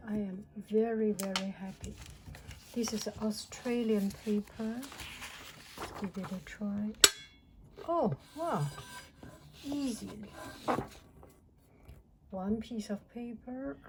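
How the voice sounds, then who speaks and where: Slow, half-whispering woman. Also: medium pitch. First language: Mandarin Chinese. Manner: soft, often half-whispered, excited exclamations. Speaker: teacher. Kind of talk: unboxing vlog. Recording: clicking noise in the background.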